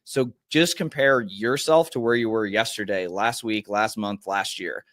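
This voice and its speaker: Earnest low-voiced male golf coach. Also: measured pace, fairly bright tone, dry recording, studio quality. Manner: earnest, encouraging advice with filler "uh"s. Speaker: podcast guest, mental golf coach. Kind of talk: casual podcast interview.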